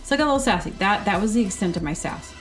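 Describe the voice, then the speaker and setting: A woman's voice: mid-range voice, very fast, soft background music. A woman hosting a podcast, telling a rambling story full of fillers and acting out the people in it. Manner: chatty, filler-heavy with lots of "like"; animated, acts out quoted people. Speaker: podcast host.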